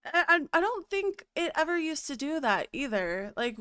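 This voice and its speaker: A woman's voice: sits high, sing-song, normal speed, bright, forceful tone. A young adult woman streaming a game, ranting in exasperation and swearing often in casual chat. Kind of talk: casual live-stream venting.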